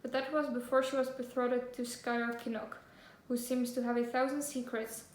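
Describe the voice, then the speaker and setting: Young female book vlogger, gushy and giggly, high voice, roomy echo. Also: flat delivery, moderate pace. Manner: gushing, giggly, full of fillers. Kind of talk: casual book haul chat with read-aloud synopses. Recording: echoey room, faint ambience.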